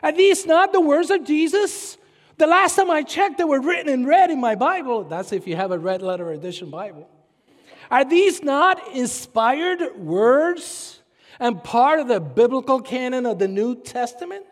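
A man preaching a sermon as pastor, animated, with sudden shouts and mocking put-on voices. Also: very high-pitched, moderate pace, in a large hall.

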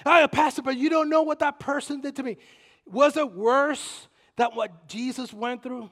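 A male pastor preaching a sermon, swinging from loud exclamations to hushed asides. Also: very high-pitched, moderate pace. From Spanish-speaking background. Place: church sanctuary. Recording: long reverb of a large hall.

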